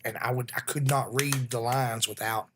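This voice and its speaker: A man's voice: medium pitch, fairly even intonation, moderate pace, noisy background. A man in casual chat, telling stories in an earnest way. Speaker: co-host.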